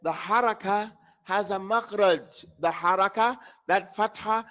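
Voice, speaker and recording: A man teaching Quran pronunciation in an online class, slowly demonstrating sounds and repeating syllables for his students. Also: sits high, a bit bright, muffled recording. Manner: chuckles at his own trick questions.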